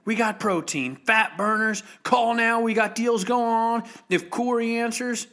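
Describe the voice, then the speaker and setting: A man putting on the voice of a pushy salesman from a homemade TV commercial, loud and hammy. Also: a little slow, exaggerated voice. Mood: hyped. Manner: loud, high, hammy pitchman delivery.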